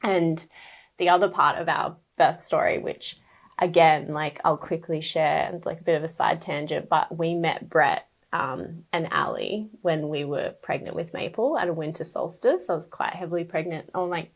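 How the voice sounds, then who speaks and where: A woman's voice: deep voice, normal speed, husky. A woman speaking as a podcast guest, sharing a personal story in a casual, chatty way, full of fillers and open emotion.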